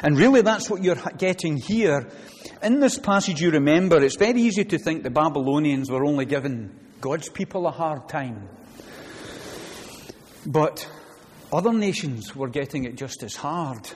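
A man's voice: fairly high pitch, lively intonation, moderate pace, slight background noise. A man preaching a sermon in a conversational way, often restarting phrases and acting out short quoted prayers. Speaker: pastor. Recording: reverberant hall with faint ambience.

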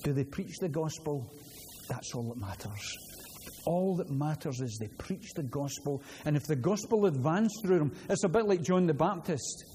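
Glaswegian preacher in an echoing hall. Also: male voice, on the high side, moderate pace, few pauses, slight background noise. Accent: Glaswegian Scottish. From Scotland. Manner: earnest, repeats words when excited. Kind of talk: sermon. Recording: long hall reverb, faint ambience.

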